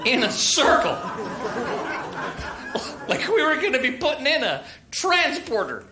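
A man's voice: very high voice, big pitch swings, a little slow, roomy sound, background noise. A man doing stand-up storytelling in a chatty, self-deprecating way, full of "uh" and "right?", on a comedy club stage.

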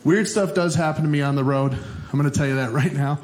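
A man from Minnesota doing a lively stand-up comedy set on stage, telling stories with quick asides and laughing along with the crowd. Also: on the high side. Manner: animated storytelling with frequent laughs and quick asides. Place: stage in front of a laughing audience.

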